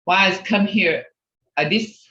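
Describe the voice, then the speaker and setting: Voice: medium pitch, slow, bright, forceful tone, distant mic. An older language teacher leading an online class, repeating and drilling words between chatty asides, heard over a video call. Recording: roomy, dull video-call audio.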